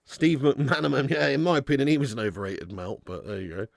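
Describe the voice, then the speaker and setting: A man's voice: medium pitch, fairly quick, vocal fry, no echo, clean studio sound. A man hosting a live football watch-along, chatting casually, reading out viewer messages and laughing often. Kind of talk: casual live match commentary.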